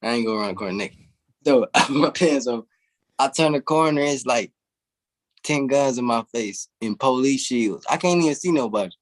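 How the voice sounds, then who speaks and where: A man's voice: medium pitch, lively intonation, normal speed. A young man, a guest in an interview, telling a long story casually and animatedly, swearing freely and laughing as he goes.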